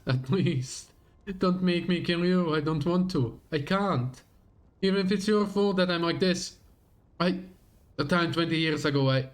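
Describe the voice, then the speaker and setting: A man's voice: fairly high pitch, natural voice. A man voicing a bitter, vengeful woman in a game, speaking in short, broken, accusing sentences.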